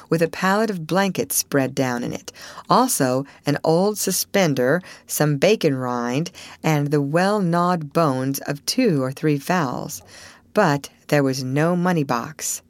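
A woman narrating a classic novel aloud in a measured, expressive storytelling manner. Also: low voice, no echo. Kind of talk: audiobook reading of a classic novel.

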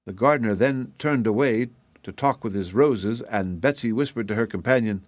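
A man narrating a fairy tale audiobook in an even, measured storytelling voice. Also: on the low side, dry recording.

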